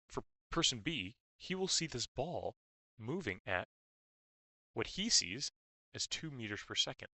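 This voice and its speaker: A young man tutoring physics, explaining step by step with stop-start phrasing and uneven loudness. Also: fairly low pitch, no room sound, poor audio.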